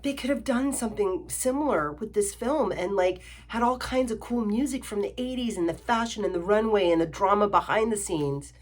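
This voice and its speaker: A woman's voice: medium pitch, normal speed, few pauses. A young adult woman reviewing films in a sarcastic, exasperated rant, full of "like" and "you know.". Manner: exasperated, sarcastic, filler-heavy ranting. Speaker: film reviewer. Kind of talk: ranting film review vlog.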